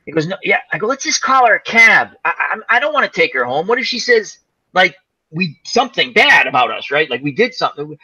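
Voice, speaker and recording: A man's voice: high-pitched, a little fast, breathy edge, dull audio. A man hosting a casual chat, telling a rambling funny story and acting out the people in it. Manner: animated, laughing storyteller, acts out quoted voices. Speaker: host.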